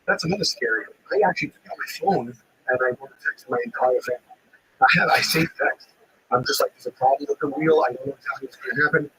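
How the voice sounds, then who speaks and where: A man in casual chat, retelling a story in an animated way, swearing freely and acting out what others said. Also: mid-range voice, fast talker, a little hiss or hum, rough recording. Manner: animated, swearing, acts out quotes. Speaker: livestream host.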